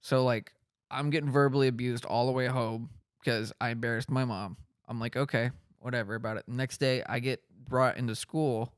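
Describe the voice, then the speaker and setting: A young man co-hosting a podcast, telling funny stories and squeaking into high voices when quoting people. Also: fairly even intonation, normal speed, clean tone, dry recording, clean studio sound. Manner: storytelling with high-pitched impressions of others. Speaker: podcast co-host. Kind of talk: casual chat.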